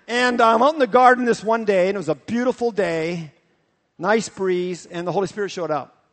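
Pastor preaching, high and animated, long echo of a large hall. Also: male voice, moderate pace. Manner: animated storytelling, repetitive. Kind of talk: sermon.

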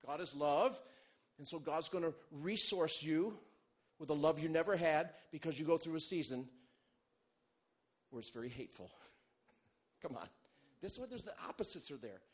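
A male pastor preaching a sermon, animated and humorous, moving between loud bursts and quiet, low asides. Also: normal speed, long pauses, breathy edge. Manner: animated, humorous preaching with big swings in loudness.

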